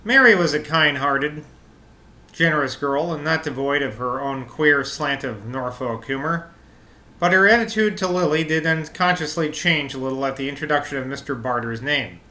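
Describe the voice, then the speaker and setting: A man's voice: a little high, normal speed, sharp tone. A man reading a classic novel aloud, breaking off now and then for irreverent, swearing asides. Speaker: audiobook reader.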